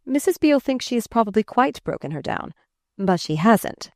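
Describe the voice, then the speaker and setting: A woman voicing a charming, flustered gentleman who speaks to a child fondly and teasingly but uneasily, in an audiobook. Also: fairly high pitch, very animated, moderate pace, no room sound, studio quality, voice pushed up.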